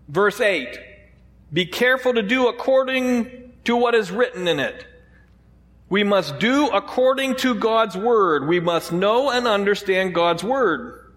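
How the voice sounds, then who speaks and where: A man's voice: high-pitched, a bit bright, big-room sound. A man preaching a sermon as pastor, conversational, asking the congregation rhetorical questions.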